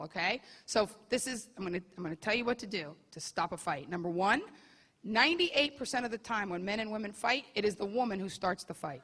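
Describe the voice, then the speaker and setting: A woman comedian performing a bawdy stand-up set live, teasing the audience members. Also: medium pitch. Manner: brash, bawdy, crowd-teasing delivery. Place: comedy club stage. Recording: live club set with loud crowd laughter and noise. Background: crowd laughing.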